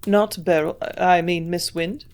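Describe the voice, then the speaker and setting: A woman's voice: fairly low pitch, fairly even intonation, unhurried, darkish tone. A woman voicing a curious young male doctor who asks plain, earnest questions in her own voice.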